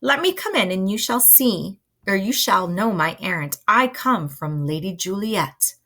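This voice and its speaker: A fussy older nurse, played by a woman reading the play, pleading in a high, shrill voice that swoops up on every urging. She sounds emotional and insistent, with a lot of drama in her delivery. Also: expressive, measured pace, bright, forceful tone, heavily acted.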